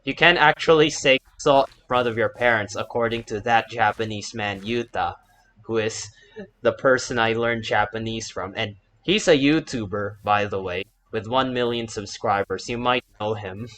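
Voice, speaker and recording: A man giving casual let's play commentary as he plays, chatty and breaking into loud panicked shouts, with Japanese exclamations sprinkled in. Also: fairly low pitch, normal speed, poor audio. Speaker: gaming YouTuber and English teacher.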